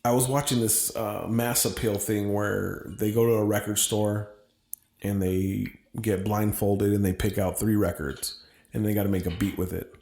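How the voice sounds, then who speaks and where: A man with an American accent co-hosting a casual podcast, talking in an animated, opinionated way and swearing freely. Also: fairly low pitch, normal speed, gravelly, echoey room. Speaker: podcast co-host. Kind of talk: casual chat.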